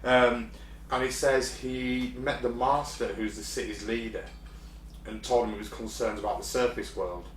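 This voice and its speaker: A man's voice: medium pitch, steady tone, moderate pace. A man co-hosting a casual podcast, telling a story with lots of ums and restarts. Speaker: podcast co-host. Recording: roomy, distant mic, faint hum.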